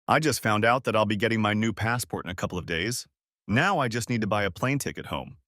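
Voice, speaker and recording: A man's voice: on the low side, animated, fast talker, a bit bright, no room sound, clean studio sound. A man voicing a desperate, unfaithful wife who pleads tearfully with her husband in a storybook reading. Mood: sweet.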